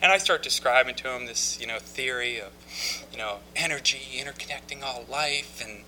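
A man telling his own recovery story to a group, halting with many restarts and dry, self-mocking humor. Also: mid-range voice, pushed and bright, a little hiss or hum, low-quality recording. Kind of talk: personal testimony talk.

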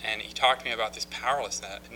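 A man with a very bright, sharp-edged voice tells his recovery story to a group. He speaks haltingly, often restarting his sentences, and mocks himself with wry humor along the way. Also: fairly low pitch, steady tone, a little hiss or hum, low-quality recording. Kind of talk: personal testimony talk.

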